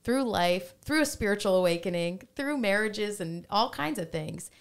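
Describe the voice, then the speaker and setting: A woman in her thirties, a spiritual medium and podcast guest, telling stories in a candid, animated way. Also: mid-range voice, moderate pace, clear, resonant tone. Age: 30s. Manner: candid, animated, laughs easily. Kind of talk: casual storytelling conversation.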